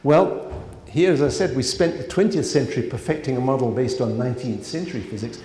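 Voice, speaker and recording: A man's voice: mid-range voice, a little fast, mellow. A man, an economics professor, giving a conversational conference lecture full of asides and fillers. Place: large lecture hall. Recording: roomy lecture hall reverb.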